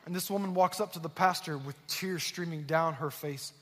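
A man's voice: a little high, normal speed, a bit bright, a little hiss or hum. A man preaching a sermon as a pastor, telling a story and acting out the voices of the people in it. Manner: storytelling, acting out quoted voices with rising intensity. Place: church auditorium. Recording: long reverb in a large hall.

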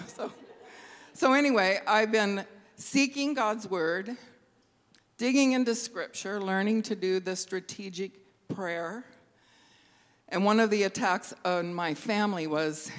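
Middle-aged woman sharing her testimony, halting and teary, long echo of a big hall. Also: mid-range voice. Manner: halting, laughs and tears up while speaking. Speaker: church member giving testimony. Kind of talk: emotional personal testimony. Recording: long reverb of a large hall.

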